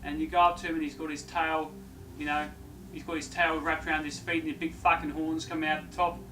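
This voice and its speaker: A man's voice: fairly high pitch, flat delivery, a little fast, noisy background, close to an everyday voice. A man playing an unhinged Englishman who fakes an Australian accent and brags in rambling boasts, in an improvised mockumentary comedy. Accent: put-on Australian. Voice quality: blustering, rambling boasts with fillers.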